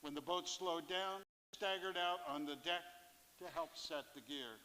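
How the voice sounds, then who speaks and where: Man, bright high voice, live stage reading of a sea story, long theatre reverb. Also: normal speed. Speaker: fisherpoet performer. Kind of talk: reading a first-person fishing memoir on stage.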